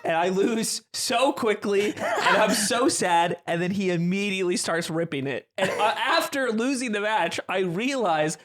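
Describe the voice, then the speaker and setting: A man telling a long story in a casual podcast chat, animated and often laughing as he goes. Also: high voice, a little slow, hardly any pauses. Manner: animated, laughing, restarts phrases.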